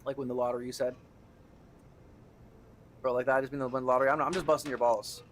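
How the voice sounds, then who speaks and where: A young man streaming a game, chatting loosely with viewers, joking and swearing with sudden excited outbursts. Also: medium pitch, fast, slight background noise. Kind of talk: casual gameplay commentary.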